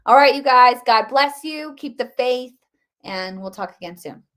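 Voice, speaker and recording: A woman's voice: fairly high pitch, moderate pace. A middle-aged woman hosting a live political commentary stream, talking casually and animatedly with lots of restarts and fillers. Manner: animated, rambling, many restarts and fillers, addresses viewers as guys. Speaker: host of a political commentary livestream.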